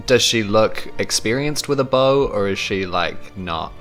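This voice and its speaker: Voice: medium pitch, expressive, a little slow, fairly bright tone, faint music behind. A New Zealand player in a tabletop game, asking hesitant questions full of fillers. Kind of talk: casual tabletop play.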